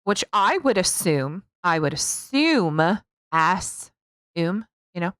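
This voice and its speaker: A woman's voice: lowish voice, sing-song, takes it slowly, a bit bright, clear, resonant tone, no room sound, studio quality. A middle-aged woman, co-hosting a podcast in casual, blunt, profane chat, laughing often. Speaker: podcast co-host.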